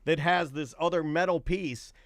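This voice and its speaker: A man with a voice a bit higher than most men jokes and reacts with animated disbelief. He talks in casual podcast banter, and the recording is close and dry. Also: normal speed, dry recording. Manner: animated, incredulous, jokey. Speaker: podcast co-host.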